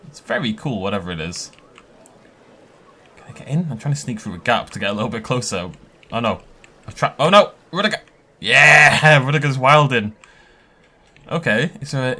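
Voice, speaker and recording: A man giving an excitable, chatty tour of a park built in a game, laughing often as he goes. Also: on the low side, breathy edge. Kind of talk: casual gameplay commentary.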